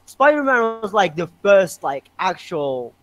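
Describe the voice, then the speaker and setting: A man chatting as a podcast guest, excitable and rambling, laughing loudly. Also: high-pitched, a little slow, dry recording, lo-fi sound. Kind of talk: casual podcast chat.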